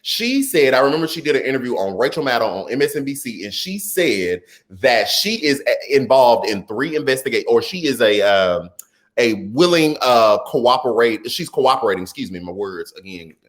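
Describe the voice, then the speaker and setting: Hosting a laid-back political livestream, a man with a Texas twang speaks at a moderate pace in a medium-pitched voice as he reads and responds to viewer comments. He's animated and talkative, addresses everyone as "y'all," and trips over words now and then.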